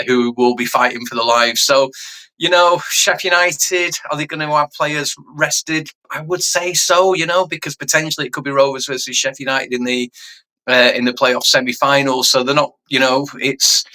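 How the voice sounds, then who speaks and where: A man's voice: medium pitch, steady tone, moderate pace, bright, forceful tone, poor audio. A man, a guest fan on a video call, chatting casually and rambling with lots of you knows. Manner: rambling, hedging with you know. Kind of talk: casual chat.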